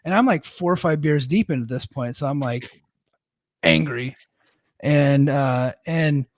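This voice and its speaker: A man's voice: fairly high pitch, unhurried, no echo, clean studio sound. Man rambling through a casual anecdote. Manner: rambling, self-deprecating anecdotes with frequent restarts. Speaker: podcast co-host. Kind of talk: casual storytelling chat.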